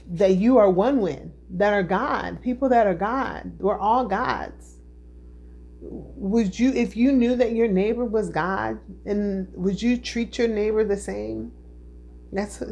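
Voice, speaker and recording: A woman's voice: lowish voice, a little mellow. A woman giving a spiritual tarot reading, earnest and heartfelt, who repeats herself and keeps checking in with her listeners. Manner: emotional, heartfelt. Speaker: tarot reader.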